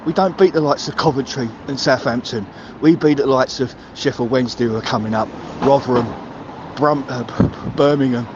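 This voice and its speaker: A man's voice: highs cut off, background noise. Swearing man ranting on voicemail. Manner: heated, swearing, builds to shouting pitch. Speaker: caller leaving a voicemail. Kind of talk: angry football fan rant.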